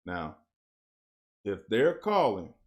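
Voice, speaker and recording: Speaking slowly in a fairly low voice, a blunt man walks through football film like a coach would. His commentary stays casual, though big plays get him fired up.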